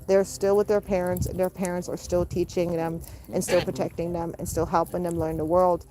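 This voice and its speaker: A woman hosting a pet goose channel, explaining bird behavior patiently and breaking into high cooing baby talk with her birds. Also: flat delivery, fairly quick. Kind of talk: casual narration to camera. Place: outdoors in a backyard with poultry. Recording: outdoor noise clearly audible.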